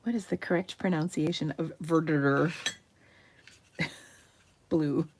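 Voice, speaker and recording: A woman's voice: deep voice, fairly even intonation, a little slow, a little mellow, slight background noise. A middle-aged woman hosting a painting tutorial in a chatty, self-deprecating way, laughing often. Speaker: craft tutorial host. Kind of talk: casual painting demonstration.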